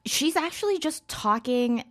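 A woman appears as a guest film reviewer in an interview, chatting casually about films with lots of fillers and hedges. Her voice is high and expressive, and she speaks unhurriedly.

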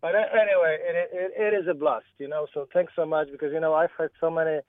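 A man's voice: on the high side, fairly even intonation, fast, dry recording. A man calling in to a radio show from his car, rambling and repeating himself. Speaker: caller. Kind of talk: casual phone-in chat. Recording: tinny phone line.

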